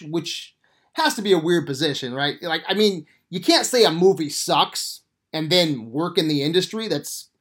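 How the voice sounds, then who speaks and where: A man's voice: on the high side, a bit bright. Casual, profane movie podcast guy. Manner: profane, enthusiastic, rambling with fillers. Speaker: podcast host.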